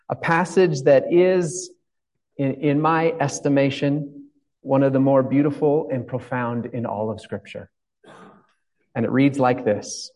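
A man's voice: mid-range voice, normal speed, darkish tone, low-quality recording. A male pastor giving a reflective, conversational sermon, asking his congregation questions as he goes.

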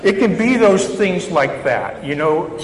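A man's voice: high voice, animated, measured pace. A man, a chaplain, preaching a sermon in a church in a conversational, reflective way with self-deprecating humor. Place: church sanctuary. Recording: echoey hall reverb, faint background noise.

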